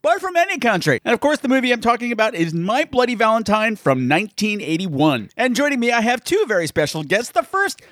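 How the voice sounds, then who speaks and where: A man's voice: extremely high pitch, very animated, fairly quick, few pauses, a bit bright, no room sound, studio quality. A man hosting a podcast with a theatrical, campy showman delivery. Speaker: podcast host.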